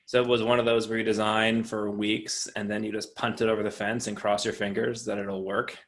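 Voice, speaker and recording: A man who works as a designer, telling a work story over a video call in an animated way, swearing freely. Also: lowish voice, a little fast. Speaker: designer guest. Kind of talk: casual storytelling.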